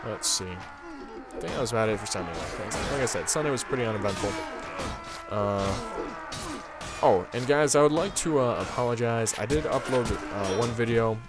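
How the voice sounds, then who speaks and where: Over loud background music, a young man running a gaming channel rambles through a story while he plays. His mid-range voice moves at a moderate pace, and his casual talk is packed with "um" and "like."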